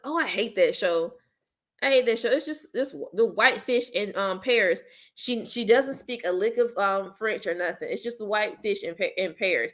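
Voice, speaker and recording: A woman hosting her own channel, chatting casually with viewers in a blunt, slangy, teasing way and breaking into loud playful laughter. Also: a little high. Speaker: host of a commentary channel. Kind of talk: casual chat reacting to viewers.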